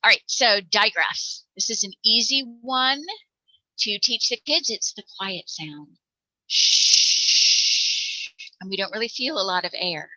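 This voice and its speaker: A woman presenting a phonics lesson for parents, encouraging and demonstrating each sound out loud. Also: mid-range voice, animated, normal speed, no room sound, rough recording. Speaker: teacher presenting a parent workshop.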